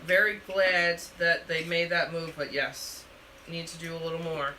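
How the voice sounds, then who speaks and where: A woman's voice: lowish voice, flat delivery, moderate pace, sharp tone, slight background noise. A woman co-hosting a live stream, chatting casually and giggling about the game. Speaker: stream co-host. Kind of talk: casual reaction chat.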